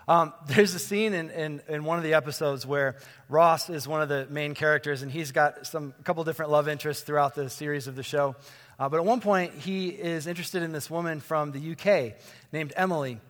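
A man's voice: a little high, fairly quick, big-room sound. A man in his forties giving a conversational sermon as pastor, chatty and informal, asking the congregation questions. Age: 40s. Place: church sanctuary with congregation.

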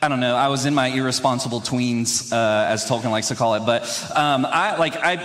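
Recorded with long hall reverb, a young man at medium pitch delivers a loose, conversational sermon at a fairly quick clip, his tone a bit bright. He rambles, starts over, and often laughs at his own expense.

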